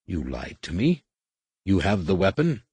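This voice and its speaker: A man's voice: deep voice, huge pitch swings, unhurried, a little mellow, breathy edge, no room sound, full character voice. Man doing a growling scarred alien warrior. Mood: gruff. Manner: growling, curt. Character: scarred alien male warrior, gruff and suspicious.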